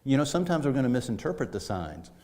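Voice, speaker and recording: A man's voice: medium pitch, sing-song, fast, mellow. A middle-aged man preaching a conversational sermon, telling stories in a folksy way with frequent restarts. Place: church sanctuary. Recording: long reverb of a church hall.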